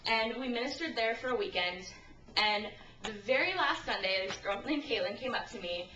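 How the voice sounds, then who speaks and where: A young woman delivers a casual sermon, retelling stories in a chatty, lively way and slipping into the voices of the people she quotes. Her voice is bright and sits a little high. It was caught by a camcorder some distance away, in a room with strong echo. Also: moderate pace, highs cut off, a little hiss or hum. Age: young adult. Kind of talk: informal sermon with storytelling. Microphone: handheld camcorder at a distance. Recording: echoey room from a far camcorder.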